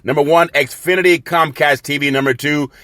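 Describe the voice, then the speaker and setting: A man's voice: a little high, fairly even intonation, moderate pace, no echo. Exuberant man hosting a sports podcast. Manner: exuberant, hypes himself, shouts catchphrases and laughs. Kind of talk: casual sports talk show monologue.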